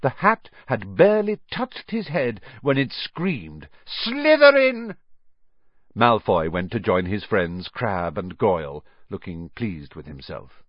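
A man reading a children's novel aloud as an audiobook, telling the story in an animated way and voicing the characters. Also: low voice, a little slow, hardly any pauses, no echo. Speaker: narrator. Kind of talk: audiobook narration. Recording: dull lo-fi dry recording.

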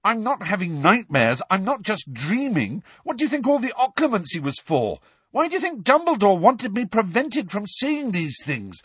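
A man reading aloud, voicing a defiant teenage boy who shouts forcefully and angrily. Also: a little high, big pitch swings, a little fast, few pauses, slightly rough, dry recording, pitched above the performer's own voice, full character voice. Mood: furious.

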